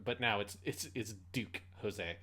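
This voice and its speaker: A man co-hosting a podcast, animated and profane, retelling scenes while laughing. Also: on the low side, measured pace. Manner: animated, swearing, laughing storyteller. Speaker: podcast co-host. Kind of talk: casual chat.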